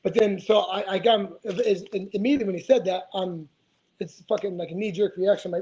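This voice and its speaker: A man's voice: high voice, fairly even intonation, quick pace, a little mellow, highs cut off. A man in his forties, a retired fighter, telling stories as a podcast guest in a rambling, profane way, full of restarts. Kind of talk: casual storytelling interview.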